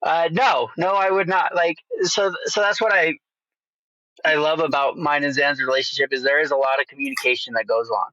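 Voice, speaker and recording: A man's voice: fairly high pitch, steady tone, fairly quick, sharp tone, no room sound, dull audio. A man from Utah co-hosting a casual podcast, talking emphatically and swearing heavily. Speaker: podcast co-host.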